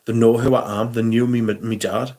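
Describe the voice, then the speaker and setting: A middle-aged man, telling an animated, swear-filled story on a casual livestream. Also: mid-range voice, fairly quick. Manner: swearing, animated anecdote with quoted voices. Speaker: livestream host.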